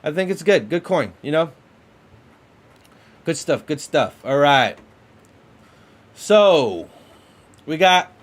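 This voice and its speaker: Chatty, excitable man hosting a crypto stream. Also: on the high side, takes it slowly, long pauses. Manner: excitable, repeats himself, lots of fillers. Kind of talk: casual livestream commentary.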